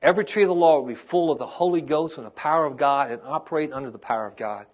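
A man's voice: on the high side, quick pace. A man, a pastor preaching a sermon to his congregation and calling out to them as his intensity rises.

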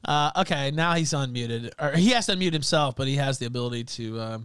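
A man hosting a livestream call-in show, confrontational and shouting insults at callers. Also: medium pitch, fast, clean tone, no echo. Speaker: livestream host.

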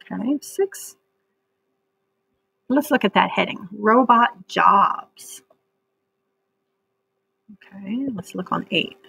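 Patient woman teacher with a gravelly, husky voice. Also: mid-range voice, a bit bright, no echo. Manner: patient, slow and clear, drawing out words for syllable clapping. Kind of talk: read-aloud reading lesson for children.

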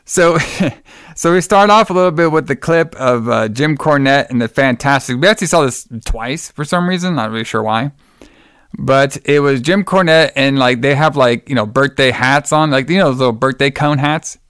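A man's voice: medium pitch, normal speed, a bit bright, clear, resonant tone, no room sound, studio quality. A man hosting a podcast in casual chat, rambling, laughing and swearing freely. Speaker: podcast host.

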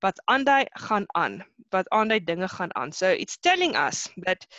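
A woman's voice: medium pitch, big pitch swings, a bit bright, no echo, lo-fi sound. Hesitant woman teaching a poem. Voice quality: frequent hesitations and repeated words. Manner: explains slowly, mixing in Afrikaans terms. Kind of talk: online lesson explaining a poem.

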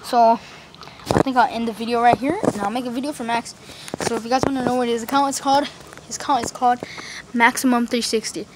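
A woman's voice: a little high, fairly even intonation, quick pace. A woman vlogging casually outdoors into a phone camera, rambling with slang and lots of fillers. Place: outdoors in a yard near a road. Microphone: phone camera held facing self. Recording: outdoor phone recording with traffic noise. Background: street traffic and outdoor ambience.

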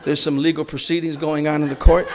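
A man's voice: a little high, flat delivery, fast, a little mellow, slight background noise, lightly acted. A man preaching who voices a formal male messenger, stiff and bureaucratic. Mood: officious.

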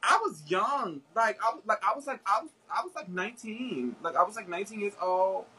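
Bright-voiced man telling a rambling story. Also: high voice, expressive, brisk, poor audio. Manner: rambling, many fillers and restarts. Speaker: guest. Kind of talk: casual chat.

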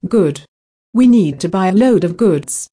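A woman reading simple scripted practice dialogues in a slow, even textbook delivery. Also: mid-range voice. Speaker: dialogue reader for English practice.

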